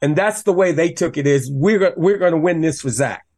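A man, a former college running back, talking football as a guest in a passionate, animated way that rises when he gets riled up. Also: on the high side, fairly quick, husky. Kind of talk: casual sports talk.

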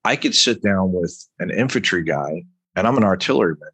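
Low husky-voiced man, emphatic storyteller. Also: expressive, fairly quick, a bit bright, no echo. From Long Island, New York. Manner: rambling, emphatic, keeps asking "right?". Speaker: author, military veteran guest. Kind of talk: conversational interview.

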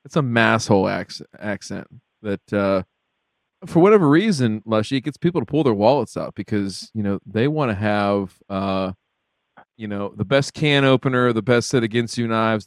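A man hosting a talk show, chatting loudly and teasing his guest with laughs, on a close studio mic. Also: on the low side, no room sound. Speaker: host. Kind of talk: casual chat.

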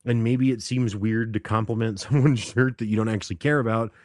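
A man's voice: fairly low pitch, steady tone, a little fast, darkish tone, dry recording, studio quality. A man hosting a casual solo podcast, talking loosely, laughing often and acting out the people he quotes. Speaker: podcast host.

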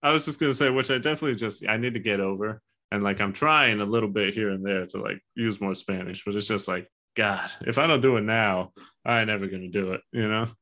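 A man in his thirties with a lowish, bright, forceful voice, chatting loosely on a podcast. He swears freely and keeps laughing through his stories. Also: fast talker. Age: 30s. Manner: loose, profane, laughing storyteller. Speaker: podcast co-host. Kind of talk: casual chat.

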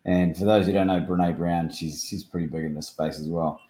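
An Australian man chatting as a guest, an animated storyteller who acts out quoted dialogue. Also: sits low, a little fast, roomy sound. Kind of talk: casual chat.

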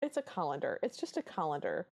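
Lower-pitched woman co-host, casual and wry, quick funny asides. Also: huge pitch swings, gravelly, slightly rough. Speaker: podcast co-host. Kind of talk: casual recap chat.

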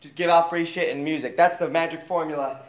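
A young man livestreaming who hypes up his chat with loud, profane shouting. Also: a little high, fairly even intonation, brisk. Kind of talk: hyped livestream hype-up. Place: outdoors at night in a warm, mosquito-filled spot. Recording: echoey live stream audio.

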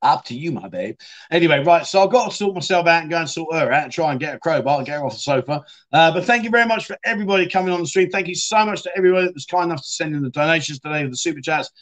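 A man's voice: fairly high pitch, lively intonation, racing, a bit bright. Chatty man hosting a livestream. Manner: chatty, jokey, reads out viewer comments. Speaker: livestream host. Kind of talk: casual livestream chat reading comments.

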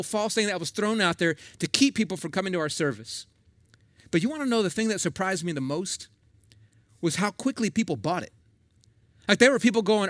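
A man's voice: high voice, fairly bright tone, dry recording, studio quality. A middle-aged male pastor, preaching a sermon in a conversational, folksy way with emphatic asides.

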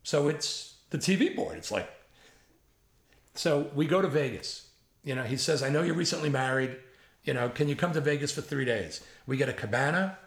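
Speaking at a moderate pace with a voice on the high side, a comedy writer in his seventies shares relaxed anecdotes. He imitates people and swears freely as he tells them, and his voice echoes around the room.

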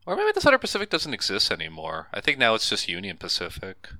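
A man co-hosting a casual movie review chat, talking in rambling, animated bursts with frequent restarts. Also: fairly low pitch, fast talker, no echo. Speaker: podcast co-host.

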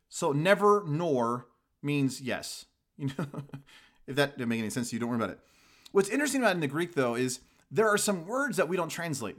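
Animated man preaching a sermon. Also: on the high side. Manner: animated, storytelling with emphatic repetition. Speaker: pastor.

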